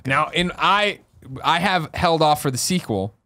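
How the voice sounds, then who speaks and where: A man co-hosting a podcast, joking around and tossing out ideas in quick banter. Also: a little high, expressive, sharp tone. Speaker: podcast co-host. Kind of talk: casual chat.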